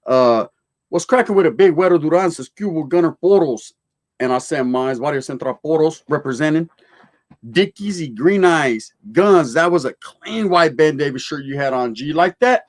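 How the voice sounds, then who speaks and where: A man's voice: fairly high pitch, expressive, normal speed. A man hosting a casual livestream, reading out viewer comments in laid-back street slang sprinkled with Spanish words.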